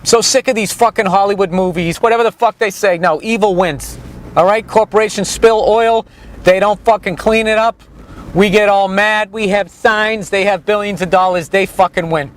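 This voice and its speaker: A man vlogs outdoors while riding down a city street, riffing in a crude, sarcastic, profane, comedic ramble. His voice is high with fairly even intonation at normal speed, on a low-quality recording.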